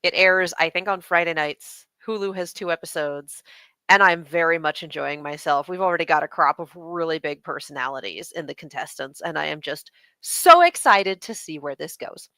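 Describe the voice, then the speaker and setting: A woman's voice: low voice, normal speed, bright, forceful tone, dry recording. A woman co-hosting a casual fan chat show, joking and speculating with enthusiasm. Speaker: podcast co-host.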